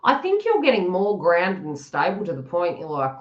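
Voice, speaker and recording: A woman's voice: lowish voice, wildly swooping pitch, normal speed, highs cut off. A woman giving a live-stream tarot reading, chatty and giggly, often acting out the listener's inner thoughts in quoted asides. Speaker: tarot reader.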